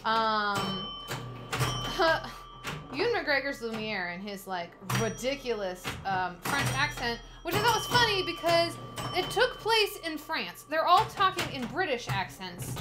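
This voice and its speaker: A woman co-hosting a live pinball stream, chatting casually with giggles and quick reactions. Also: high voice, sing-song. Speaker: stream co-host. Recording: loud music behind the voice.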